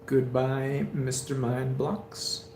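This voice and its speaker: A man's voice: medium pitch, completely flat delivery, very slow, darkish tone, echoey room, a little hiss or hum. A man streaming from a hospital room, giving a rambling, heartfelt talk with many fillers. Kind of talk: casual live stream chat.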